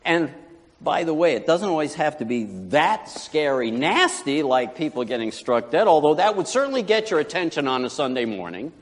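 A male pastor preaching a sermon with a lively, up-and-down delivery. His voice sits a little higher than most men's, and it swings from loud preaching to quiet, offhand asides. A long hall reverb trails behind every phrase. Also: normal speed.

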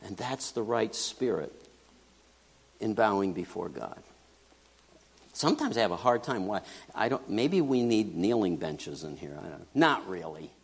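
A middle-aged man preaching a conversational sermon, animated and joking, swinging between loud bursts and hushed asides. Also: lowish voice, a little slow, vocal fry, long pauses, breathy edge. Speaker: pastor. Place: church sanctuary. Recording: long reverb of a large church hall.

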